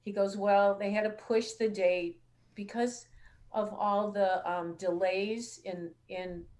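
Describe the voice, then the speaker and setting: A woman hosts a laid-back call-in show, spinning chatty stories and performing other people's lines in their voices. Her voice is medium in pitch with a rather level intonation, slow and somewhat dark in tone.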